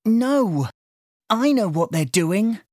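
A woman voicing an eager young island girl, raised in pitch, lively and animated, in a slow storybook reading. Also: no room sound, studio quality. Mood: urgent.

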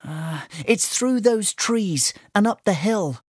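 A woman voicing an eager young island girl, raised in pitch, lively and animated, in a slow storybook reading. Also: breathy edge, dry recording, studio quality. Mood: urgent.

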